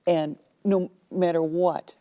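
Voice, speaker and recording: A woman author telling lively anecdotes in a TV studio interview, acting out the people in them. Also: fairly low pitch, slow. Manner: animated storyteller, acts out quoted voices. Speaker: author guest.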